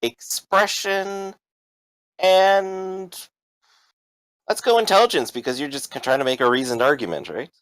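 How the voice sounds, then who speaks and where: A man running a tabletop role-playing game as game master, narrating in a relaxed way with many fillers. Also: sits high, unhurried, pauses often, no room sound, poor audio.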